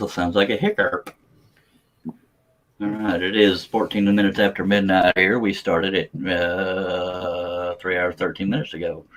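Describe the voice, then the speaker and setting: A man's voice: on the low side, a bit bright. A man hosting a late-night live stream in casual chat, laughing often and using folksy sayings.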